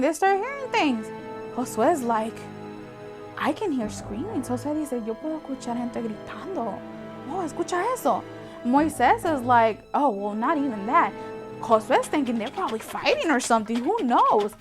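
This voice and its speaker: High-voiced woman telling kids a Bible story. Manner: lively, chatty, talks straight to the kids.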